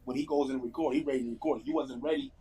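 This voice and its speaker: A man's voice: mid-range voice, fairly even intonation, racing, dark tone, slight background noise. A man, a music veteran, sharing studio experience in casual podcast chat, laid-back and full of fillers.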